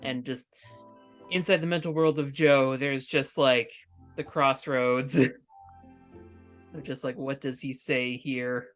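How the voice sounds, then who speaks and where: A woman's voice: a bass voice, steady tone, slow pace, pauses often, soft background music. Casual woman player thinking aloud. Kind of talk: casual tabletop play.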